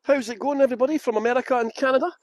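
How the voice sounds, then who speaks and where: A Scottish man with a high, bright-pitched voice, chatting away in a loose, rambling, self-mocking manner. He is a tour guide greeting his viewers one by one while outdoors in a garden. The sound is close and dry, with no room echo. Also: fairly even intonation, very fast, lo-fi sound. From Scotland. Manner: rambling, self-mocking banter, laughs often. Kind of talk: chatty live-stream greetings before a tour.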